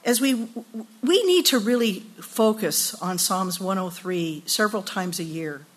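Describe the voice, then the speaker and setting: A woman's voice: mid-range voice, animated, measured pace. A woman in her sixties speaking at a women's retreat, telling funny stories with laughter and then teaching scripture earnestly. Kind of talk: storytelling sermon.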